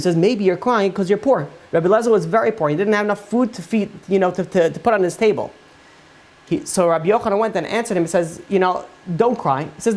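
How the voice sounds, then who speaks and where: Rabbi retelling Talmud stories casually. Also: male voice, sits high. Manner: casual and conversational, many fillers like "you know".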